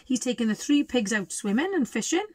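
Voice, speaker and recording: A woman's voice: on the high side, sing-song, no room sound. Teacher lady reading a storybook to kids, asks them stuff, dry sound. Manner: pauses to ask children questions. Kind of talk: reading a picture book aloud to children.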